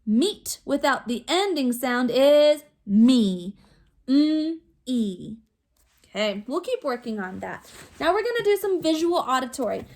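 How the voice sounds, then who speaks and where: A woman teacher recording a video phonics lesson for young children, sounding out words slowly and clearly. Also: high voice, very animated. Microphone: recorded to camera for remote students.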